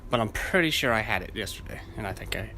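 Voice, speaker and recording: On his own casual podcast, a man with a lowish voice and lively intonation talks fast over background noise. He's hot and sweaty, rambling and swearing freely as he laughs at his own tales.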